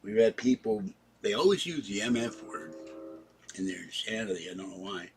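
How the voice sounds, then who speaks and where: A man's voice: lowish voice, normal speed, a little hiss or hum. A man telling a long, rambling personal story in a casual vlog, recounting events in the present tense. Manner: breaks off to talk softly to his cats. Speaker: vlogger.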